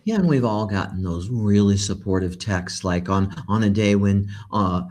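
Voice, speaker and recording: A man hosting a conversational interview, reflective and affirming, pausing often to find his words. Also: lowish voice. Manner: warm, reflective, many fillers and restarts. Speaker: podcast host.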